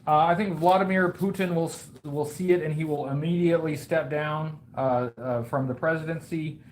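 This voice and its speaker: A man's voice: fairly high pitch, steady tone, moderate pace, a little hiss or hum, rough recording. A man hosting a toy review channel chats casually on a live stream while he draws. He jokes in a mock-grand, bragging way and rambles with many fillers.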